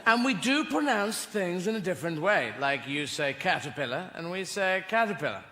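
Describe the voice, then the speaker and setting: A man's voice: high voice, lively intonation, normal speed, heavy background noise. A man with a British accent doing rambling, playful stand-up comedy on a theater stage, swearing freely. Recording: live theater recording, echoing hall. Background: audience laughter.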